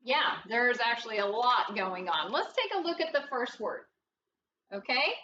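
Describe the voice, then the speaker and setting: A woman's voice: a little high, sing-song, moderate pace, bright, forceful tone, distant mic. A woman teaching a first grade phonics lesson in a patient, sing-song teacher voice, asking the class questions and answering them herself. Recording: dull roomy sound from away from the mic with faint noise.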